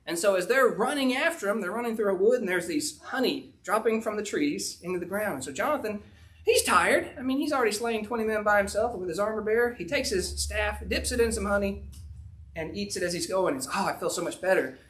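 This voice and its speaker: High-voiced preacher, folksy. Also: male voice, expressive, brisk, fairly bright tone. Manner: folksy storytelling with frequent fillers. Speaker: pastor. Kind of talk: sermon, retelling a Bible story.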